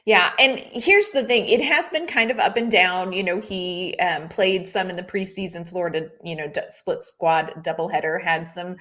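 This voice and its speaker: A woman's voice: lowish voice, normal speed, few pauses, fairly bright tone. A woman co-hosting a sports podcast, chatting in an enthusiastic, gushing and rambling way. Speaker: podcast co-host. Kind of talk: casual sports podcast chat.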